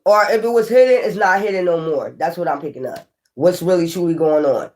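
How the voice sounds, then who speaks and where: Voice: medium pitch, a little fast, darkish tone. Tarot reader, casual rambling delivery, heavy profanity, emphatic repetition. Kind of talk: casual tarot reading to camera.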